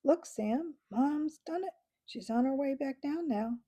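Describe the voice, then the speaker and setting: A woman voicing a proud father squirrel who speaks in excited exclamations in a storybook reading. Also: high voice, unhurried, voice pushed up.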